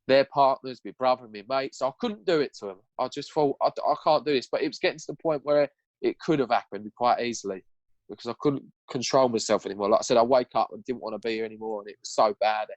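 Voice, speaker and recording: A young man talks fast in a muffled, close, dry recording with no room sound. Guesting on a podcast, he tells personal stories earnestly and candidly, raw and full of swearing, in a voice of ordinary middle pitch.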